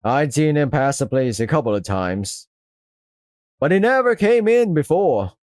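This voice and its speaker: A man voicing a gruff, fatherly middle-aged male rooster who smokes with a rough, teasing drawl. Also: on the high side, big pitch swings, measured pace, a little mellow, no echo, studio quality. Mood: storytelling. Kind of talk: voiced visual novel reading.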